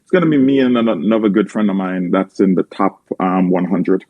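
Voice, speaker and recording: A man's voice: low voice, fairly even intonation, fast talker, dry recording, narrow, tinny audio. A man with a Jamaican accent, making insistent points in a casual group call.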